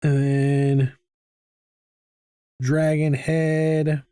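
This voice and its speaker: A middle-aged man with a fairly high voice chats casually as he sketches, wandering from topic to topic and poking fun at himself. His sound is dry and close, with no room around it. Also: completely flat delivery, extremely slow, warm tone, smooth, no room sound. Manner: rambling, self-mocking and chatty. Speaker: artist hosting a live drawing stream. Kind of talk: casual chat while drawing. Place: home art studio.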